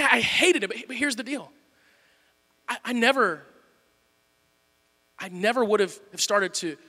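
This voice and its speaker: A man preaching a sermon in a church, candid and self-deprecating, moving between hushed talk and shouting. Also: sits high, in a large hall. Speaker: pastor.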